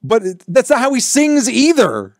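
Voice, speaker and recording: A man's voice: extremely high pitch, huge pitch swings, moderate pace, dry recording, clean studio sound. A man hosting a casual chat, exasperated and emphatic, who swears a lot. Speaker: host.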